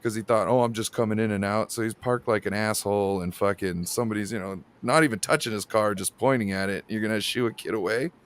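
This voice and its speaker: A man's voice: lowish voice, fast, hardly any pauses. A man from the Pacific Northwest telling rambling, crude stories as a guest on a casual chat show. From Pacific Northwest, Washington. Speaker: panel guest.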